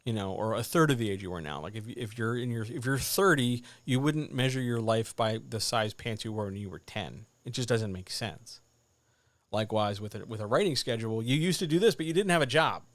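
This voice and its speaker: A man hosting a live writers' Q&A stream, giving blunt, animated advice in a casual, jokey way. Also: medium pitch, fairly quick, no room sound.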